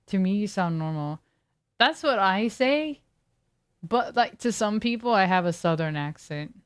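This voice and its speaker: A woman's voice: mid-range voice, animated, measured pace, clear, resonant tone. A woman streamer chatting casually with her viewers, reading chat aloud and riffing on it in a laid-back way.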